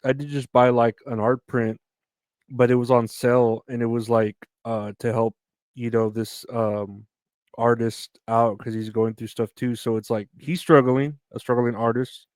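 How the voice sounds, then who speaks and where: A man's voice: medium pitch, little pitch movement, a little slow, darkish tone, no room sound. Tired, profane man rambling solo. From United States. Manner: rambling, profane, self-mocking. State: tired, yawning. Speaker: podcast host. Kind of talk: casual solo podcast rant.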